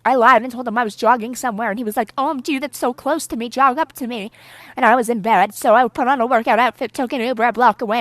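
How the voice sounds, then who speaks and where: A woman's voice: a little high, no echo. A woman reading tweets and telling dating stories aloud in a frank, chatty way.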